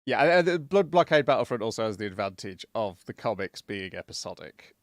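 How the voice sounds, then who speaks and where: Low-voiced man making wry remarks. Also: very animated, a little fast, dry recording. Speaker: podcast co-host. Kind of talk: casual chat.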